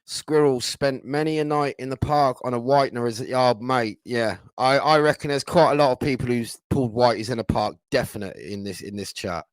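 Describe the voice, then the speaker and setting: A blunt, swearing middle-aged man talks to his chat in a loose, casual way. His voice sits in an ordinary middle pitch. The sound is dry, with no room echo. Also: fairly quick, few pauses. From England. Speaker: livestream host.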